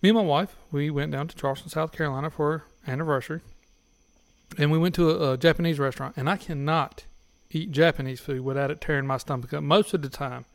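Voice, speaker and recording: A man's voice: fairly high pitch, gravelly, no room sound. A man, a podcast guest, telling crude stories in casual chat and often laughing as he talks.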